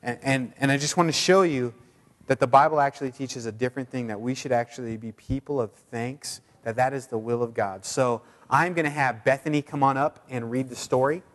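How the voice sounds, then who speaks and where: A man's voice: medium pitch, brisk, fairly bright tone. Casual preaching man in a reverberant hall. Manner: conversational preaching with many fillers and repeats. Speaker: pastor. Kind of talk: sermon and prayer. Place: church sanctuary.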